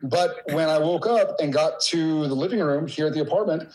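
Middle-aged man, slightly raised pitch, emotional halting storyteller. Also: a little mellow, rough recording. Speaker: guest. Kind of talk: casual conversation.

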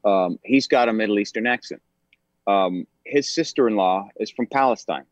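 A lowish-voiced man in his forties talks at a moderate pace as a podcast guest. An actor, he's thoughtful in the casual interview, with frequent ums and restarts. There's no echo, though the sound is dull and a little lo-fi.

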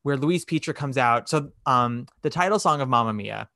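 A man co-hosting a casual podcast, telling a story with lively acted-out quotes. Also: mid-range voice, moderate pace, no room sound, clean studio sound. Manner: animated storytelling, acting out quotes. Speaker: podcast co-host.

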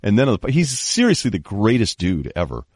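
A man with a lowish voice and an ordinary pace hosts a casual sports show, telling stories with gusto and impersonating the people he quotes. There's no echo, just clean studio audio.

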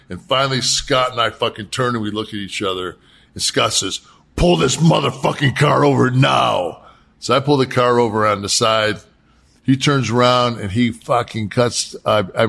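A man's voice: medium pitch, a bit bright. A man telling rambling, profane stories from the road in casual podcast chat, with lots of restarts. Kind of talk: casual storytelling.

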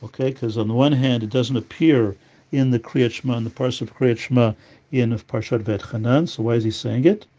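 A man gives a religious law lesson in a warm, relaxed voice, reading a passage of Hebrew and then explaining it in English. The recording sounds muffled and lo-fi. He speaks at a middling pitch. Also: a little fast. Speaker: Torah teacher.

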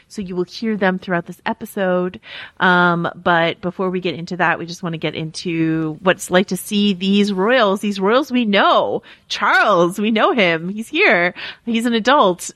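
A woman's voice: on the low side, a bit bright, no echo. A woman hosting a podcast in casual chat, talkative and laughing, with lots of fillers. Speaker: podcast host.

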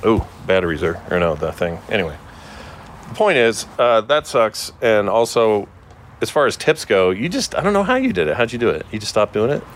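Male podcast co-host, lowish voice, loose and jokey, reads mail aloud. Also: very animated, brisk, a little hiss or hum. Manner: joking, rambling, reads listener emails aloud. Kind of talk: casual chat.

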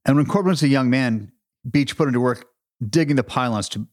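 A man's voice: medium pitch, a little fast. Laughing man telling a story. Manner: laughing, storytelling, self-deprecating. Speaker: podcast co-host. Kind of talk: casual chat.

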